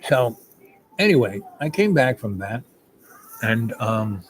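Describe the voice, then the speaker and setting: A man's voice: medium pitch, big pitch swings, takes it slowly, a little hiss or hum, low-quality recording. Older man rambling through a memory. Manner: meandering, many fillers and "you know"s. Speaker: storyteller. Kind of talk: rambling personal storytelling.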